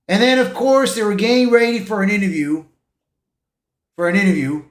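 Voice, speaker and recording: High-voiced guy rambling through a movie plot, echoey room. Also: fairly quick. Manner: rambling, with restarts. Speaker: movie reviewer. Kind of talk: casual plot recap.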